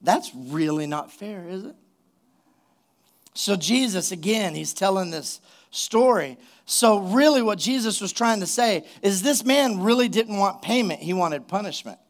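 A man's voice: high voice, expressive, unhurried. A man preaching a sermon as a pastor, emphatic and full of rhetorical questions to the congregation.

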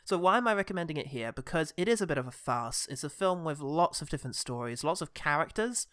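A man's voice: on the high side, animated, fast talker, fairly bright tone, clean tone, dry recording, studio quality. A man co-hosting a casual film podcast, chatty, laughing often and acting out quoted lines. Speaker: podcast co-host.

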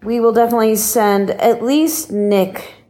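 A woman's voice: a little high, measured pace, dark tone. A woman from Colorado chatting upbeat on a voicemail to a podcast. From Colorado, USA. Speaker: caller. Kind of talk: voicemail message.

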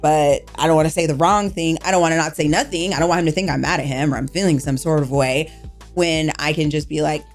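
Woman vlogger chatting about her feelings, kinda low voice, music faint in back. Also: steady tone, fast talker. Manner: open, rambling, restarts often. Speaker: podcast co-host and vlogger. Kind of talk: casual relationship chat.

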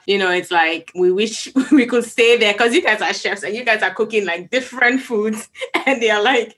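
A woman's voice: medium pitch, normal speed, a bit bright. A young woman hosting a podcast, chatting casually in a bubbly way and laughing often. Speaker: podcast host.

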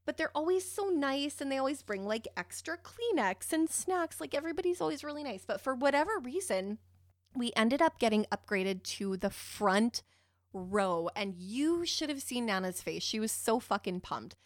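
A woman telling a personal story in a casual, animated way, giggly and swearing freely. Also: a little high, normal speed, dry recording, studio quality.

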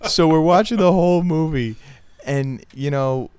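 A man's voice: a little high, unhurried, darkish tone, a little hiss or hum. A middle-aged man co-hosting a podcast, chatting casually, rambling through stories and laughing as he jokes. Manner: rambling, jokey, laughs while telling stories. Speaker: podcast co-host. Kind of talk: casual chat.

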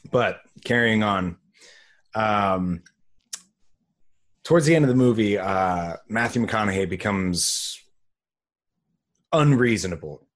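A man's voice: lowish voice, takes it slowly, pauses often. A man co-hosting a podcast, recapping a bad movie in loose, profane casual chat with many ums. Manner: laid-back, profane, trails off with ums and laughs. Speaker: podcast co-host.

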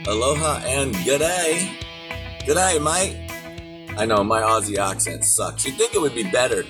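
A man's voice: on the low side, expressive, fairly quick, distant mic, over music. A man hosting his own daily podcast, chatting casually and ranting with plenty of swearing. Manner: profane, rambling rant. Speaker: podcast host. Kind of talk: casual solo podcast talk.

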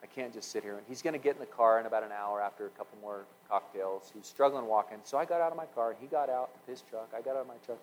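A man's voice: medium pitch, very fast, few pauses, a little hiss or hum, poor audio. A man telling a story in a sermon, acting out the dialogue as he goes.

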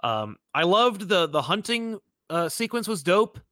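A man's voice: high-pitched, big pitch swings, measured pace, fairly bright tone, dry recording, studio quality. A man co-hosting a casual movie chat, rambling and profane, full of fillers and restarts.

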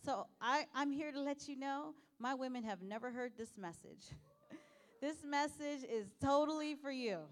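A woman preaching a sermon, laughing often and asking the audience questions, going from soft asides to loud exclamations. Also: sits high, moderate pace.

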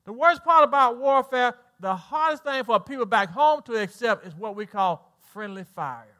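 A Southern US man in middle age preaches a sermon to his congregation. His voice sits high and sounds bright and forceful. He drops soft and low, then rises loud, with folksy asides. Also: animated, moderate pace. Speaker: pastor.

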